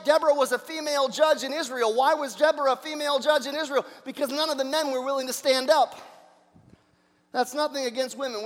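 A male pastor preaching a sermon, energetic, throwing out rhetorical questions and swinging between loud and soft. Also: extremely high pitch, in a large hall.

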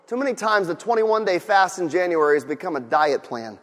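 High-pitched pastor guy preaching hard, goes quiet then yells, big echoey church. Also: animated, fairly quick. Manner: passionate, swings from quiet asides to shouting. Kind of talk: sermon.

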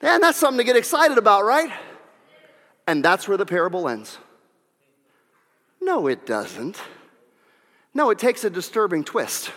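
High, bright-voiced preaching man. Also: unhurried, pauses often. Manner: animated preaching with shouted peaks and whoops. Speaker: pastor. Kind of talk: sermon. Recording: long reverb of a large hall.

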